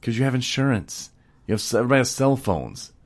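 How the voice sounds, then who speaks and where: A man co-hosting a podcast, telling stories in a drawling, folksy way with hushed asides. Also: medium pitch, lively intonation, fast talker. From Michigan. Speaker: podcast co-host. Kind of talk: casual storytelling chat.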